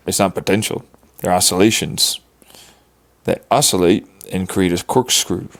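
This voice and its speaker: Gravelly man rambling on a stream. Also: low voice. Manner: rambling, profane, correcting himself. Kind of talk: livestream monologue thinking aloud.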